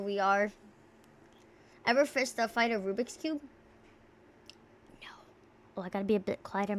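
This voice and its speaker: A woman's voice: on the high side, slight background noise. A young woman from the United States streaming from home, chatting casually and reading viewer messages aloud in an offhand, profane, joking way. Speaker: livestreamer. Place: at home near neighbors.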